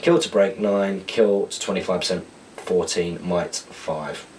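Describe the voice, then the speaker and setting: A man's voice: low voice, fairly even intonation, measured pace, distant mic, a little hiss or hum, rough recording. A man hosting a podcast alone, reading out viewer questions in a loose, rambling chat and correcting himself as he goes.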